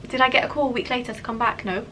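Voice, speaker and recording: A woman's voice: a little high, fairly even intonation, very fast, bright, forceful tone, a little hiss or hum, poor audio. A young woman telling a personal story in a candid, chatty vlog, with many "like" fillers. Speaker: vlogger.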